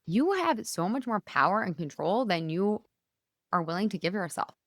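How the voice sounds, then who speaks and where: A woman's voice: medium pitch, very animated, normal speed, fairly bright tone, dry recording. Upbeat woman host, dry close sound. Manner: enthusiastic, chatty, direct to listeners. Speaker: podcast host and coach. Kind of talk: solo motivational podcast talk.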